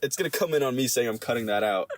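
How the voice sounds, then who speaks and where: A man's voice: medium pitch, quick pace, no echo. Young man, podcast co-host, casual chat, antsy and self-conscious, dry close recording. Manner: fidgety, self-conscious, apologetic.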